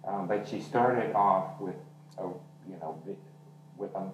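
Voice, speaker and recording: At a reading in a literary venue hall, an author and journalist chats openly about his novel and voices the dialogue along the way. His low voice moves at a measured pace, and the high frequencies are cut off. The mic sits far away in the large hall, picking up faint noise.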